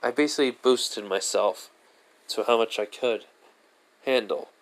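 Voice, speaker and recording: A man's voice: mid-range voice, unhurried, natural voice. A man voicing a confident young male hero in a fan story retelling, in a casual, matter-of-fact way.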